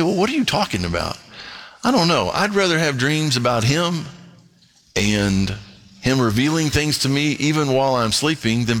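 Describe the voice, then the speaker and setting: A man preaching a sermon and reading scripture aloud, emphatic, dropping to a hush and then rising to excitement. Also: mid-range voice. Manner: emphatic, swings between hushed and excited. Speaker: pastor.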